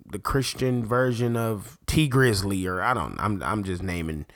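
A man, a parent, hosting a faith podcast in an excitable, rambling monologue that keeps interrupting itself. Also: fairly low pitch, measured pace. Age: adult parent. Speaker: podcast host.

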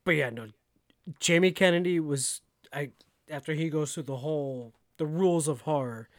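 A man's voice: on the high side, normal speed, no echo, studio quality. A man co-hosting a podcast in casual chat, rambling with lots of fillers as he talks it through. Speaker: podcast co-host.

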